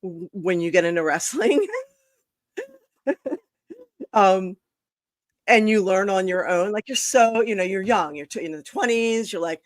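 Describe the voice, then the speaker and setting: A woman's voice: on the low side, lively intonation, a little slow, no room sound. Frank, rambling woman host on a stream. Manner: rambling, frank, with many fillers and self-corrections. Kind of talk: casual chat, storytelling. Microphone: video call streaming setup.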